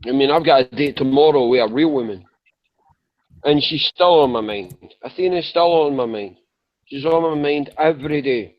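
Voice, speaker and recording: A man's voice: medium pitch, moderate pace. A man talking in an online voice chat, rambling and apologetic, repeating himself, woozy and drowsy from medication. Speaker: chat room panelist. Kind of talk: emotional voice chat. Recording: dull lo-fi voice chat audio.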